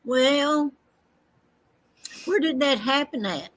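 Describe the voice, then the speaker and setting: High-voiced woman co-host, slow and reflective. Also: expressive. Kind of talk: casual chat.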